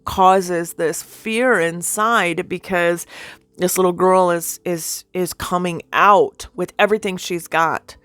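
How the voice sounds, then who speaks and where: A middle-aged woman speaking as a ministry leader, her voice sitting a little low. She gives a raw, confessional spiritual testimony in a dry, close-sounding room, often passing on what she hears God telling her. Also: steady tone, slow, fairly bright tone, smooth, dry recording. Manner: emotional, confessional, relays God's words.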